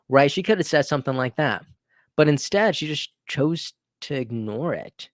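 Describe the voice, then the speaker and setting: In this clean studio recording with no room sound, a political commentary host talks casually on his own video, often restarting and throwing in emphatic rhetorical asides. His slightly high voice moves at normal speed with lively intonation.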